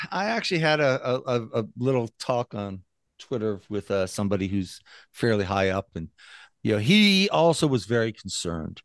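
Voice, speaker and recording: A man's voice: fairly low pitch, sing-song, moderate pace, no echo. A man speaking as an interview guest, emphatic and restarting often, close to the mic in a dry room. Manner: emphatic, many restarts, mocks opponents in quoted voices. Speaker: guest, libertarian activist. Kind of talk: animated interview talk.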